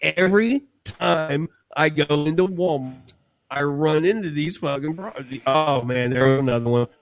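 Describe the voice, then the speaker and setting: A man co-hosting a podcast, telling a story in a casual, animated way and acting out what people said. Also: fairly high pitch, measured pace, dry recording, low-quality recording. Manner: animated, laughs while telling, acts out quotes. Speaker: podcast co-host.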